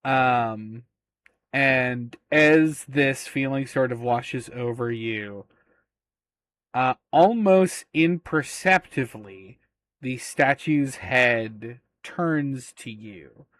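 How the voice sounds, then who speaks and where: Casting: male game master, slow and halting narration, lots of pauses and filler. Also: medium pitch, fairly bright tone, no echo. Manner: hesitant, many filler sounds.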